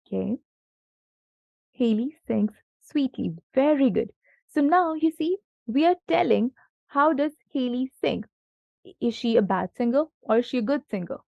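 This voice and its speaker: Female tutor, fairly high voice, slow and patient with a young pupil, dull lo-fi recording. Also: animated, vocal fry, no echo. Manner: patient, encouraging, asks many questions. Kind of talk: one-on-one grammar lesson for a child.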